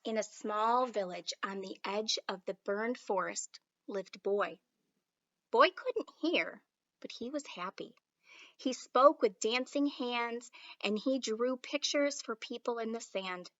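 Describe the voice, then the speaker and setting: Woman reading a kids picture book out loud, super lively and slow. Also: a little high, muffled recording. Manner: expressive, unhurried. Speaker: storybook reader. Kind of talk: storybook read-aloud.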